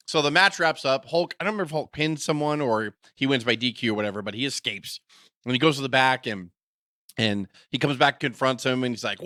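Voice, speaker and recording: Casual podcast host man, bright, irreverent, dry close mic. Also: mid-range voice, fairly quick, dry recording. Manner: animated, irreverent, self-mocking. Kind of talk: casual chat, retelling with voices.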